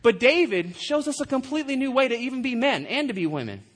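A man's voice: very high voice, big pitch swings, quick pace. A man preaching a sermon in a conversational style, with rhetorical questions and self-deprecating humor. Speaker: pastor.

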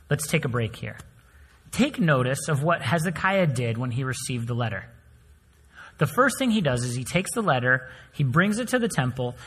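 A male pastor preaching a sermon, telling stories with swings between loud emphasis and soft, hushed lines. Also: fairly high pitch, slightly rough. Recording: long hall reverb.

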